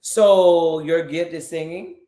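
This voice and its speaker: A man's voice: fairly high pitch, slow pace. Teasing man with a roomy echo. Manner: playful, teasing, animated banter. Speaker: co-host of a live stream. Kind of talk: casual chat.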